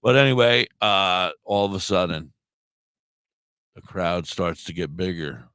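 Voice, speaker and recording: A middle-aged man with a sore throat co-hosts a podcast, telling a long, rambling story packed with swearing and self-deprecation. His voice sits low and sounds smooth and a bit bright, his pace unhurried, with no room sound in this casual storytelling chat.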